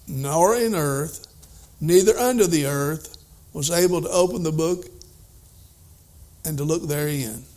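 Male preacher, slow delivery, high-ish voice, emphatic then hushed scripture reading. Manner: reads scripture aloud in old wording, then explains it plainly; voice rises and falls widely, at times emphatic, at times hushed. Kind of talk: sermon.

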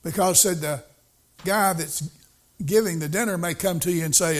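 A man's voice: sits high, moderate pace. A male preacher giving a sermon in a folksy, storytelling way, repeating his points for emphasis.

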